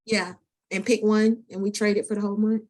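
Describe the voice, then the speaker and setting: A woman on a casual group call about trading, chatty and asking quick questions. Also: mid-range voice, level tone, a little mellow.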